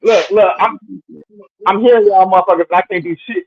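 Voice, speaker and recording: A man hosting a casual podcast over a video call, hurried and repeating his words. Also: sits high, husky, highs cut off. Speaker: podcast host running the call.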